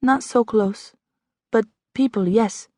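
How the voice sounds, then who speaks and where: A woman voicing a mysterious young French woman with a French accent, speaking slow, formal English. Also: on the high side, darkish tone, no room sound, clean studio sound, voice pushed up. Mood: calm.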